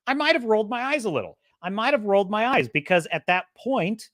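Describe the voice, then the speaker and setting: A woman's voice: mid-range voice, a little fast, hardly any pauses, no room sound, studio quality. A woman hosting a podcast, ranting in a sarcastic, casual way, laughing often and mimicking characters. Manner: animated, swings loud and soft. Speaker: podcast host. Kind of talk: casual opinionated rant.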